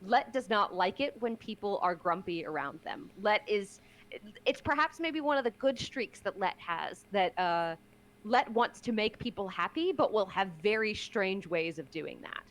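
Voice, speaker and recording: A woman's voice: mid-range voice, animated, moderate pace, fairly bright tone. A woman playing in a tabletop game, explaining her character thoughtfully with many hesitations. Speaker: player. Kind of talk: casual tabletop play.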